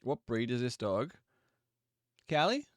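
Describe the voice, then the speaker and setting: A man hosting a live stream, chatting casually and easygoing with viewers, with quick asides and apologies. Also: mid-range voice, sing-song, dry recording, studio quality. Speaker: livestream host.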